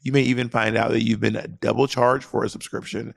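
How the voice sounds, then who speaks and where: A man's voice: medium pitch, flat delivery, a little fast, gravelly, no room sound, studio quality. A man in his thirties co-hosting a podcast, reading sponsor ads in a playful, sassy, teasing way. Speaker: podcast co-host.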